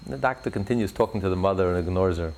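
A man's voice: deep voice, racing, a little mellow. A man giving an impassioned religious talk in an interview, fervent and building to emphatic peaks. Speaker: religious speaker.

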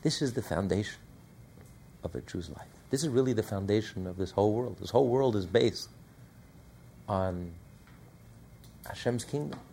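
A man's voice: lowish voice, moderate pace, vocal fry, pauses often, a little hiss or hum. A man teaching a Torah class to a live audience, asking questions and answering them himself with rising emphasis. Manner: animated, asks and answers his own questions.

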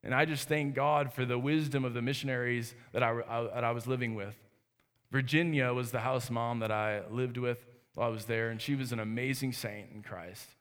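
The reverberant sanctuary carries the voice of a thirty-something pastor, mid-range, steady and slightly bright, moving a little fast. His preaching is earnest and conversational, with restarts.

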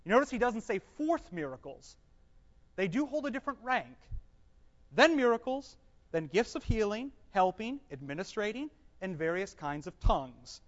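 This dull, echoey hall recording features a Bible teacher's class for a live group. Very animated and speaking at medium pitch, he reads scripture aloud slowly, explains it, and poses questions to the room that he answers himself.

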